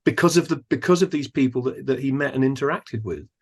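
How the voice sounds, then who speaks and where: A man, a guest on a podcast, who talks thoughtfully and admiringly, often pausing to search for words. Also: medium pitch, husky. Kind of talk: thoughtful conversational discussion.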